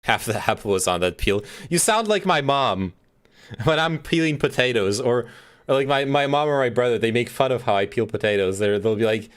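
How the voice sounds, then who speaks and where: A man's voice: mid-range voice, expressive, moderate pace, clear, resonant tone. A man livestreaming and reacting to a video, chatting casually, swearing freely, and talking while he eats. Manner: chatty, swears often, laughs, talks while eating. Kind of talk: casual chat.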